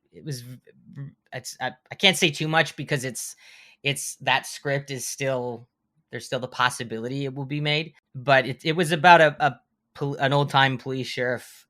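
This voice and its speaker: A man in his thirties chats on a podcast with a bright, forward tone. He tells animated stories, often stumbling, restarting and repeating words as he goes. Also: mid-range voice. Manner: animated anecdotes with frequent restarts and stammers. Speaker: podcast guest, horror filmmaker. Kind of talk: casual podcast conversation, storytelling.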